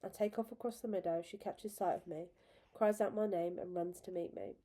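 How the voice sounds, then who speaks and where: A woman reading a story aloud with expressive, emotional narration. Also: on the low side, a little fast. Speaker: reader.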